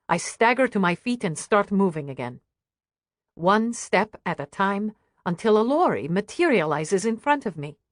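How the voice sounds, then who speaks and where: A woman reading an audiobook in a hushed, grave first-person voice. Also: mid-range voice, dry recording, studio quality. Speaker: audiobook narrator. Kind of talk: scripted audiobook narration.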